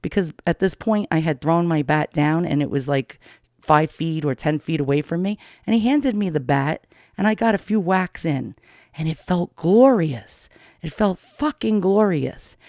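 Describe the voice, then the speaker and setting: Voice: mid-range voice, animated, moderate pace, darkish tone, dry recording, studio quality. A middle-aged storyteller from Queens, telling a personal story in a blunt, profane, darkly amused way. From Queens, New York.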